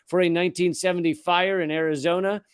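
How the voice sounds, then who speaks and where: A man's voice: high voice, steady tone, fast, clean tone, no room sound, clean studio sound. A man co-hosting a podcast, talking in a blunt, profane, sardonic way. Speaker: podcast co-host. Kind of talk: casual podcast chat.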